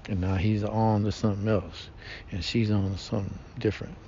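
A man's voice: level tone, brisk, dark tone. A man talking casually in a rambling, slangy way, full of fillers and restarts. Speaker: podcast host. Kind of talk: casual monologue. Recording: dull lo-fi sound with faint rumble.

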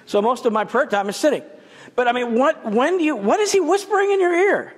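A man with a very high-pitched, animated voice, speaking a little fast, delivers a guest sermon in a church sanctuary. His preaching is conversational and sprinkled with humorous asides, and the recording carries a long church reverb.

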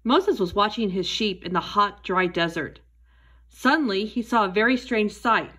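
A woman teaching a Sunday school lesson, telling a Bible story to children in a gentle storytelling way. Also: medium pitch, normal speed.

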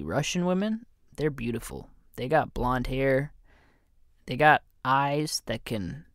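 A man's voice: mid-range voice, vocal fry, no echo, studio quality. A man hosting a comedy podcast, rambling through a joking monologue, interrupting himself and dropping into mock voices. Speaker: podcast host.

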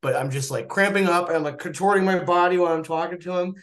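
A man, a physician, telling a candid story in an animated way during a casual Q&A over a video call. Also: sits high, fast. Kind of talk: casual anecdote in a Q&A.

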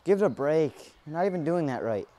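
A young man in an amateur short film playing a talkative young man who befriends a creature, quick to get exasperated and quick to apologize. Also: a little high, expressive, noisy background, natural voice.

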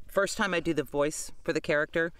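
A man's voice: a little high, fairly even intonation, brisk, a bit bright, clear, resonant tone, no room sound. A man co-hosting a podcast, talking casually about narrating audiobooks in a blunt, wry, profane way. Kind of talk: casual chat.

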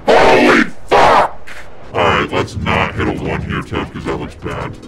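A man yelling and cursing in frustration while playing video games, his voice run through a demonic filter. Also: extremely low pitch, measured pace, a loud crowd. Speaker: gamer. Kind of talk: rage-filled gameplay commentary.

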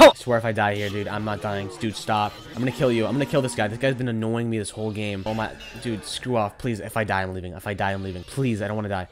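Sarcastic man doing gameplay commentary. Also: fairly quick. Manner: sarcastic, jokey, breaks into sudden high squeals and shouts. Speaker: gaming commentator. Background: game music.

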